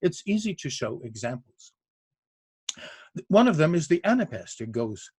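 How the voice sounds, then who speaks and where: An older man lectures eagerly on poetic meter, his voice husky and breathy. It climbs high and swoops widely as he chants out rhythms and stops for uhs, recorded close and dry. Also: big pitch swings, normal speed, long pauses, no room sound. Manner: enthusiastic, scats rhythms aloud with many uhs. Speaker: poetry podcast host.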